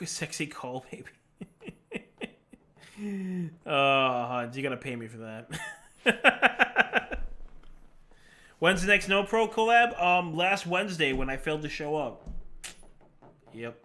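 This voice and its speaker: A man's voice: a little high, sing-song, slow pace, long pauses, bright, forceful tone. A man chatting casually on a live stream, rambling and laughing often as he answers questions from chat while he plays.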